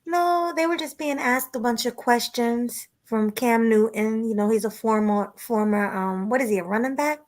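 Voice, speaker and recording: A woman hosting a casual live-stream chat, relaxed and chatty, thanking her viewers. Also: on the high side, moderate pace, few pauses. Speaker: host.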